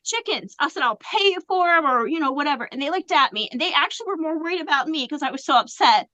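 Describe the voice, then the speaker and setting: A woman in her forties on a video call, telling a home story in an animated way and acting out what people said. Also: high voice, fast talker, no echo, rough recording. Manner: animated storyteller, acts out quotes. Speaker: livestream guest. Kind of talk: casual storytelling.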